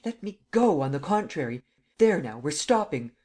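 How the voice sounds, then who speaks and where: A cocky, mocking gentleman thief, voiced by a male reader in a storybook. He teases in a lively, upward-bouncing voice and flares into loud shouting when crossed. The reader's voice sits at a middling pitch underneath. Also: a little fast, lightly acted. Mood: furious. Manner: teasing, lively, rising to shouts.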